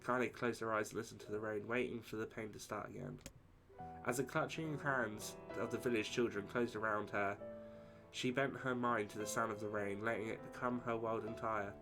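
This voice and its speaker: A man's voice: fairly low pitch, moderate pace. Man reading aloud over game music. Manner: steady reading, casual asides to chat. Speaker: streamer. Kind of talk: reading game text aloud on a live stream.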